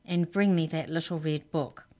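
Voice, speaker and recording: A woman's voice: deep voice, steady tone, moderate pace, a little mellow, natural voice. Woman putting on a stern official's voice. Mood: commanding. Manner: cross, commanding. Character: stern female hex checker official.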